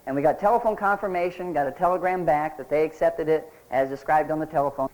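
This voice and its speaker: A man's voice: on the high side, fast, darkish tone, rough recording. Folksy man giving a sales seminar. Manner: folksy, anecdotal, asks the audience questions. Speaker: real estate sales trainer. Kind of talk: recorded seminar lecture.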